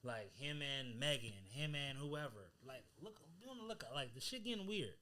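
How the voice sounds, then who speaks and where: Bright-voiced animated male podcast host. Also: mid-range voice, moderate pace. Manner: animated, emphatic, heavy slang. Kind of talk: casual podcast chat.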